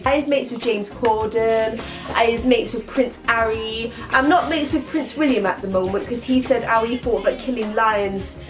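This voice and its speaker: A woman's voice: fairly high pitch, normal speed, hardly any pauses, over music, natural voice. A woman playing a cocky, rambling young woman who says "mate" constantly in a comedy monologue. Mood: brash. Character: cocky young woman, slangy, chatty, full of herself.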